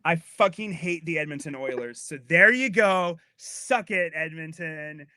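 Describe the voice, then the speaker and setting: A man's voice: fairly high pitch, expressive, measured pace, bright, forceful tone, no echo. A man appearing as a podcast guest, chatting casually and making joking, mock-provocative remarks. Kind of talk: casual chat.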